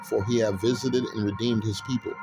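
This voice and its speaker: In a street sermon, a man reads Bible verses aloud, then breaks into loud, fervent, laughing commentary in casual slang, unhurried while he looks up passages. His voice is on the low side with fairly even intonation, and music plays underneath.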